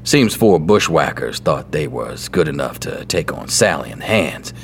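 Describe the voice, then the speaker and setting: Actor voices a terse, deep-voiced frontier gunfighter with a plain drawl. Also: male voice, sing-song, normal speed, slight background noise, full character voice. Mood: dry, calm. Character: tough laconic male gunfighter, dry humor. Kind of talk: audio drama acting.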